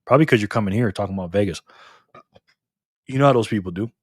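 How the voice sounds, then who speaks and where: A middle-aged man hosting a casual live stream, lively and teasing, laughing often as he reacts to chat. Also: on the low side, fast, no room sound, studio quality.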